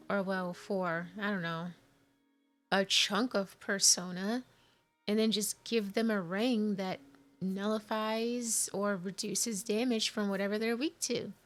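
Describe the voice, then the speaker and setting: Slow-talking woman gamer. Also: medium pitch. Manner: chatty, thinking aloud, confused asides. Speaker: let's play gamer. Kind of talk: casual gameplay commentary. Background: faint game music.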